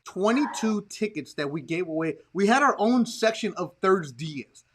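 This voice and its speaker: A man hosting a casual podcast chat, telling stories in an animated way and acting out the people he quotes. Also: sits high, normal speed, noisy background. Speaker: podcast host.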